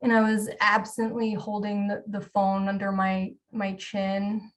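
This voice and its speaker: A woman's voice: mid-range voice, completely flat delivery, a little slow, recorded from a distance. A woman in her forties giving a candid, self-deprecating storytelling talk as a keynote speaker, with the odd filler um.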